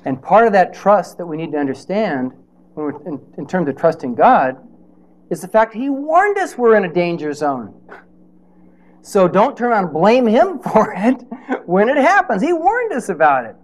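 A man's voice: high voice, big pitch swings, moderate pace. A man preaching a sermon in a conversational way, with rhetorical questions and playful asides.

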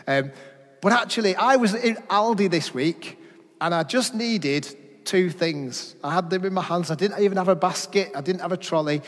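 A middle-aged man preaching a sermon, asking rhetorical questions, telling personal stories, and dropping to a hush at key points. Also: fairly high pitch. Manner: rhetorical questions, personal anecdotes, dramatic drops in volume. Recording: long reverb of a hall.

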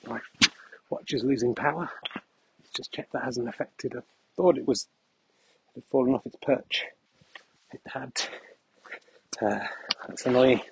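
A man rambling through a deadpan, mock-grandiose comic monologue while walking his dog across open fields, recorded on a mic he carries. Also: medium pitch, gravelly, noisy background.

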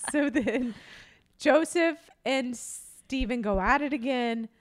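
A woman's voice: sits high, slow. A woman co-hosting a podcast, retelling movie scenes in casual chat, acting out the quotes and laughing often. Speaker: podcast co-host.

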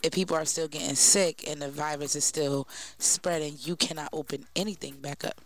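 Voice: mid-range voice, fairly even intonation, fairly quick, fairly bright tone. A podcast co-host chatting casually and talkatively, with many filler words. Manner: talkative, lots of "like" and "you know". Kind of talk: casual chat.

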